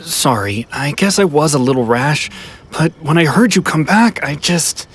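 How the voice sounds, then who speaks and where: A man's voice: on the high side, animated, moderate pace, a little hiss or hum, lightly acted. A man voicing a timid, apologetic man in hiding in a video game dub, hesitant and stammering. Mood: sheepish.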